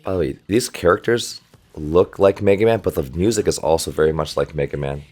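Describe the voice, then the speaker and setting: A man's voice: low voice, brisk, a little mellow. A man, a volleyball coach, chatting casually through an anime reaction and pointing out small animation details, on a desktop microphone. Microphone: desktop USB microphone.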